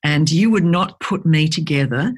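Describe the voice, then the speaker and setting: A woman, a guest speaker chatting in an interview and telling lively stories, acting out the voices of people she quotes. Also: deep voice, normal speed, slightly rough. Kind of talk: conversational interview.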